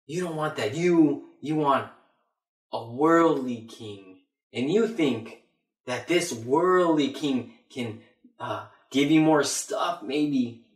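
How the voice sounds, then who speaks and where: A man's voice: medium pitch, lively intonation, takes it slowly. A man preaching a Bible sermon, emphatic and repeating his phrases for weight. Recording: roomy echo.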